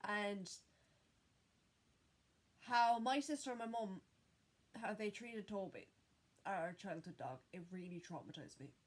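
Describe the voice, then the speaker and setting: A young woman telling a personal story in an unedited vlog, candid and full of swearing, with halting restarts. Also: mid-range voice. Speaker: vlogger.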